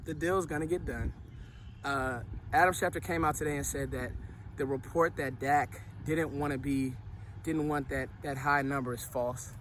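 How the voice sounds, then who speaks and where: A man talking casually about football on his vlog, out of breath and sweaty after a workout, animated and full of slangy restarts. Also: on the high side, a little hiss or hum. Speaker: sports vlogger.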